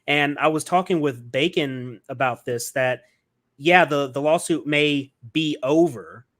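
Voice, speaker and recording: A man's voice: fairly high pitch, unhurried, a bit bright. A man hosting a podcast interview, talking in a casual, enthusiastic and rambling way, with lots of fillers and restarts. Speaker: podcast host.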